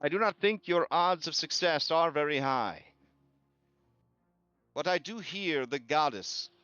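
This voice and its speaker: A man putting on a slow, grave one-eyed female seer. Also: fairly high pitch, expressive, pushed and bright, clean tone, no echo, pitched above the performer's own voice. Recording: slightly muffled, faint music behind.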